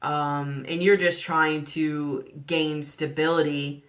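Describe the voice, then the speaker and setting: Low-voiced woman giving a tarot reading. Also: level tone, takes it slowly, a bit bright. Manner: earnest, coaxing, full of rhetorical questions. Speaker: tarot reader. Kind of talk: general tarot reading to camera.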